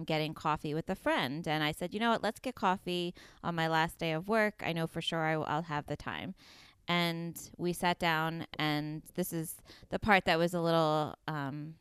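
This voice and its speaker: A woman's voice: lowish voice, fairly bright tone, clean tone, no room sound, studio quality. A woman in her thirties, a guest in an interview, telling a personal story earnestly and with feeling, with many fillers and quoted dialogue.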